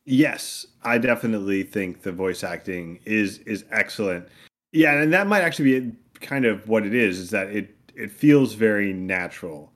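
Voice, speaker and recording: A man in casual podcast chat, speaking in a measured, agreeable way. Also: lowish voice, lively intonation, a bit bright.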